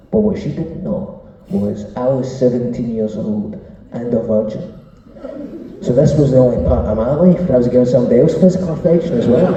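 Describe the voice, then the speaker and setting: Brash sweary Scottish comedian. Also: male voice, mid-range voice, warm tone, slight background noise. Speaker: stand-up comedian. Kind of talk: stand-up routine. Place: comedy venue. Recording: echoey venue, distant, dull sound.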